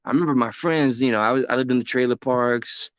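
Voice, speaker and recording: A man's voice: mid-range voice, fast, clear, resonant tone, dry recording. Young male streamer, casual and profane, self-deprecating humor, dry muffled home-mic sound. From United States. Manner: loose, joking, self-mocking, swears freely. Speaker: live streamer. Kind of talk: rambling casual chat on a live stream.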